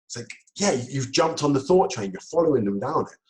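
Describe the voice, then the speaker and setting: A man giving a talk on communication, lively, laughing often and acting out quoted exchanges. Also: mid-range voice, brisk, a little hiss or hum, rough recording. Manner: lively, laughs between points, acts out quoted dialogue. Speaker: speaker.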